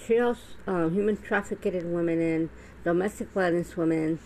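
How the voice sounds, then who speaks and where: A woman's voice: on the low side, moderate pace, mellow, slight background noise, rough recording. A middle-aged woman talking straight to camera in a blunt, profane, rambling monologue full of restarts. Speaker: vlogger. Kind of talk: casual monologue.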